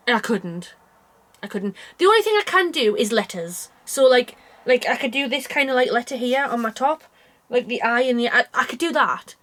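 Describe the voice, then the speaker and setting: Chatty British woman, slightly high voice. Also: expressive, moderate pace, fairly bright tone. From United Kingdom. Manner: rambling, chatty and self-deprecating, with frequent asides. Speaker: cross-stitch vlogger. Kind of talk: casual chat to camera. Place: her bedroom at home.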